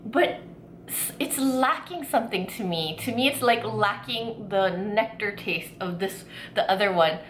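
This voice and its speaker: A woman's voice: mid-range voice, unhurried, reverberant, slight background noise. Gushing, chatty woman food vlogger. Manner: gushing, excitable, chatty with many fillers. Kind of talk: casual food tasting vlog.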